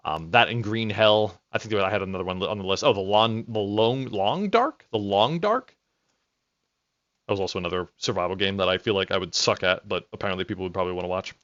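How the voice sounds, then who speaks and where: A man's voice: on the low side, a little fast, a bit bright, muffled recording. A man streaming a game live, rambling and swearing as he reacts and chats with viewers. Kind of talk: casual live gameplay commentary.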